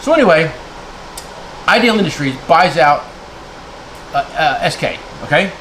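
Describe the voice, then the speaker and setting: A man's voice: a little high, lively intonation, moderate pace, fairly bright tone, slight background noise, low-quality recording. A man from New Jersey, a tool dealer, ranting heatedly to his viewers in a blunt, name-calling way, checking in with "okay?" again and again. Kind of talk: heated rant to camera.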